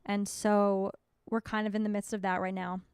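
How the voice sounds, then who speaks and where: Candid young woman, smooth and dry. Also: medium pitch, level tone, moderate pace, a little mellow, dry recording. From North Dakota. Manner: candid, swears freely, rambling. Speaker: podcast co-host. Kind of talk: casual podcast chat.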